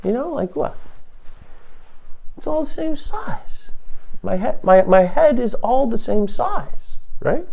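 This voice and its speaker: A man rambling through a comic monologue in a slow, unhurried delivery. His pitch swings wildly from low mutters to high yelps. He halts often with fillers and restarts, throwing out sardonic, deadpan jabs. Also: vocal fry. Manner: halting, full of fillers and restarts. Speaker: comedian host.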